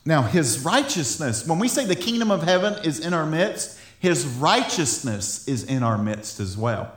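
A man with a somewhat high voice gives an informal Bible teaching with real enthusiasm. He laughs often and trips over repeated words as his thoughts run ahead. The room around him has a noticeable echo. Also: very animated, moderate pace.

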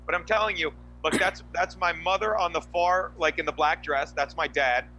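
A man hosting a podcast, telling animated stories in casual chat with lots of asides. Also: on the high side, normal speed, lo-fi sound, a little hiss or hum. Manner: animated storytelling, frequent asides. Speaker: podcast host.

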